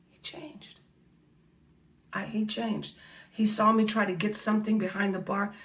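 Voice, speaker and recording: Passionate preacherly woman, distant mic. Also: mid-range voice. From United States. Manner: preacherly, repeats phrases, calls listeners honey and baby. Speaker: speaker at a faith awards event. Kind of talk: impassioned faith talk.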